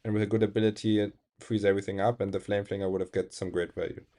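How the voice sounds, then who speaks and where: A man's voice: lowish voice, level tone, rapid-fire, mellow. A young man with a German accent, a non-native speaker, chatting casually on a live game stream, reading chat aloud and laughing often.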